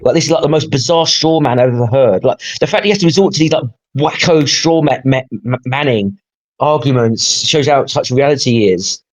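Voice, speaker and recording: A man's voice: medium pitch, a little fast, muffled recording. A man hosting, reacting to a clip with exasperated, sarcastic rants and frequent swearing. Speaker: podcast host. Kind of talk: heated reaction commentary.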